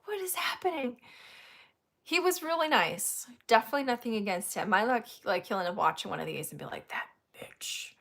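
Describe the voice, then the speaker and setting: A woman host telling a story in casual chat, animated, laughing often and acting out what others said. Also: mid-range voice, fast talker, vocal fry, hardly any pauses.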